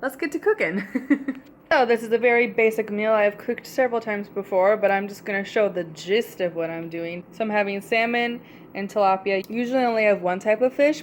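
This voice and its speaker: A woman's voice: mid-range voice, a little hiss or hum. Chatty young woman vlogging at home. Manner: chatty, rambling, laughs often. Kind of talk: casual chat. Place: home kitchen.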